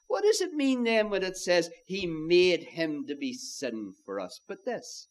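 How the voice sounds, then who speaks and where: Emphatic male preacher, lively pitch. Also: measured pace, hardly any pauses. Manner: emphatic, addresses listeners as "my friends" with rhetorical questions. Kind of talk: sermon.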